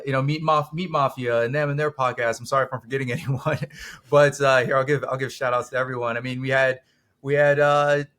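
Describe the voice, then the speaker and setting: Man, young adult, podcast guest, casual chat, rambling, filler-heavy, medium pitch. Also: fairly bright tone. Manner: rambling, many fillers and restarts. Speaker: documentary co-producer, guest.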